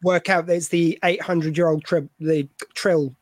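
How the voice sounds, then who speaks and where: Woman on a podcast, animated and giggly, quoting scenes, dry mic sound. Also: on the low side, moderate pace, dry recording. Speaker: podcast co-host. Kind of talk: casual chat reviewing a TV episode.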